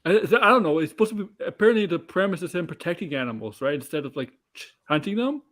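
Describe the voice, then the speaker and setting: A man chatting casually as a co-host, his slightly high voice swinging up and down as he rambles. He restarts his sentences often and laughs between thoughts. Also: animated, quick pace, a bit bright. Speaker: podcast co-host. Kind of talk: casual chat.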